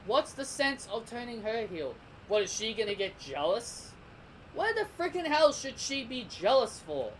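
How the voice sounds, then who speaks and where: Poor audio with slight background noise carries a young Australian man's very high, sing-song voice at a moderate pace. He's a wrestling vlogger in the middle of a heated, opinionated rant, full of repetition and stumbling restarts.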